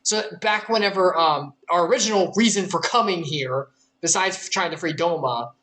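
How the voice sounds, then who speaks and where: A woman's voice: on the low side, moderate pace, fairly bright tone. A woman co-hosting a game stream in casual chat, laughing easily and explaining the story at length. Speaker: co-host and player of a game stream.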